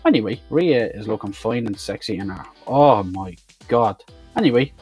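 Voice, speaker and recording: A man's voice: fairly low pitch, animated, normal speed, a little mellow, slightly rough, soft background music. A man giving a blunt, swear-heavy review of an action film, talking casually and with exasperation. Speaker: movie reviewer.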